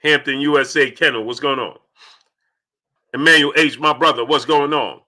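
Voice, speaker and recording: Animated man greeting live-stream viewers. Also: mid-range voice. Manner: animated, shouts out chat names rapid-fire.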